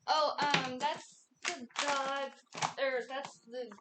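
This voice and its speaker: A woman chatting casually, halting with lots of ums and restarts. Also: sits high, steady tone, reverberant, heavy background noise. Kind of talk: casual chat.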